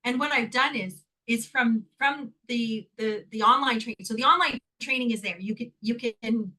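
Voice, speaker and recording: A woman from Canada is being interviewed, and her voice sits high and bright. She tells her story with a lot of life, laughing often and acting out the voices of the people in it. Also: normal speed, poor audio. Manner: animated, laughs often, acts out quoted dialogue. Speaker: guest, healing technique teacher.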